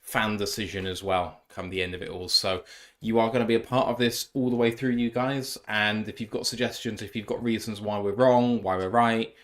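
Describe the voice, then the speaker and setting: A man's voice: on the low side, fairly even intonation, fairly quick, fairly bright tone. Chatty man hosting a stream. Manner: reads out chat messages, chatty and joking. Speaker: podcast co-host. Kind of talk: casual live-stream chat.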